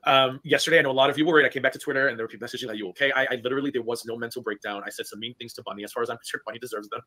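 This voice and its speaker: A man's voice: medium pitch, fairly even intonation, very fast, sharp tone. A man hosting a livestream, rambling offhandedly to his viewers. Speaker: livestream host. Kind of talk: casual stream chat.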